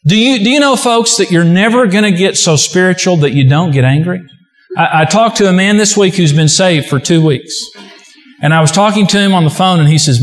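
A man's voice: high-pitched, normal speed. A man preaching a sermon as a pastor, telling folksy stories with humor. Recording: echoey hall.

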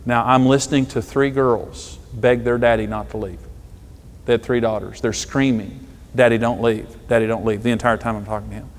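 Middle-aged pastor preaching in a reverberant hall. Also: male voice, mid-range voice, fairly even intonation. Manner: emphatic preaching, storytelling with dramatic pauses. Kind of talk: sermon.

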